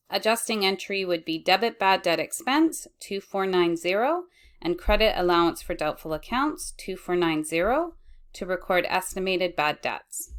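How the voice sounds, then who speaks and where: A woman teaching accounting, reading lecture slides in a measured way and correcting herself as she goes. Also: mid-range voice, fairly bright tone. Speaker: accounting instructor.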